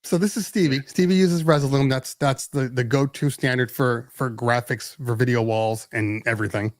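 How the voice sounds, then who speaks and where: A man's voice: mid-range voice, steady tone, moderate pace, no room sound. Man, podcast host, casual chat, lots of restarts, dry sound. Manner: chatty, explains with many restarts.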